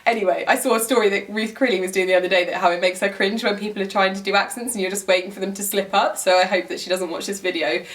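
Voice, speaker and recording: A woman's voice: mid-range voice, fairly even intonation, fast talker, few pauses, far from the mic. A young woman, talking to camera in a giggly, rambling vlog style with many fillers. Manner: giggly, rambling, heavy use of "like". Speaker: lifestyle vlogger. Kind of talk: chatty storytelling to camera.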